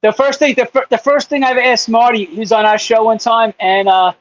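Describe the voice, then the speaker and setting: A man's voice: extremely high pitch, fairly even intonation, fairly quick, dry recording. A man guest in a casual chat who tells stories with a lot of stumbling and restarts. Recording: muffled lo-fi audio.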